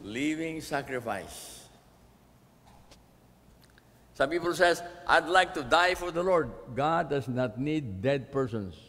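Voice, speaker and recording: A man's voice: a little high, animated, takes it slowly, long pauses, fairly bright tone, long reverb tail. A man with a Filipino accent preaching a sermon, emphatic and putting questions to his congregation for responses. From Philippines. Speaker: pastor. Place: church sanctuary.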